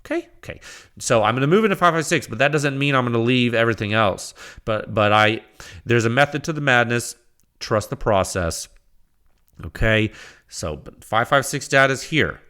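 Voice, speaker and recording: A man hosting his own podcast, talking in a rambling, excitable way and acting out the reactions he quotes. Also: mid-range voice, normal speed, smooth. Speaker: podcast host. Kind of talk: casual solo podcast monologue.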